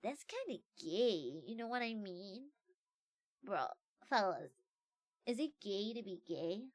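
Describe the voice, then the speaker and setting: A woman voicing a smug young male bro, speaking in a lowered, hushed, mock-serious way. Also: sing-song, slow pace, no echo, studio quality.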